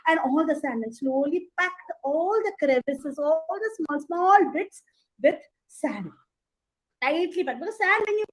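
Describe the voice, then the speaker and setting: Lively woman storyteller. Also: high-pitched, poor audio. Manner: lively, chatty, asides to listeners. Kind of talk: animated oral storytelling.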